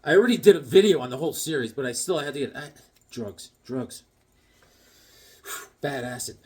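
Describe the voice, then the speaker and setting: A man from Connecticut talks through his comic book pile in a loose, rambling way, slipping deadpan tall tales in between. His voice is husky and sits at an ordinary pitch for a man. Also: moderate pace. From Connecticut, USA. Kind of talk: casual rambling chat.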